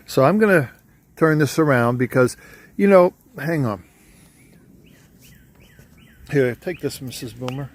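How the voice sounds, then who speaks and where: A man's voice: mid-range voice, animated, a little slow, long pauses. A man in his sixties telling a joke in casual chat as a camping vlogger, outdoors at a campsite by a fire, filmed on a handheld camera. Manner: folksy storyteller.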